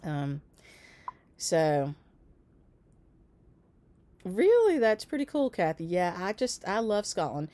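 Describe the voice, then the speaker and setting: A middle-aged American woman hosts a stitchery shop livestream, chatting casually and rambling along with frequent laughter. Her voice is lowish, mellow and sing-song, with a slow pace, long pauses and no echo.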